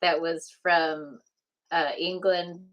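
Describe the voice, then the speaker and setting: A woman's voice: fairly low pitch, flat delivery, takes it slowly, lo-fi sound. A woman from the US West Coast co-hosting a casual live chat from home, chatty and laughing often. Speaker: co-host.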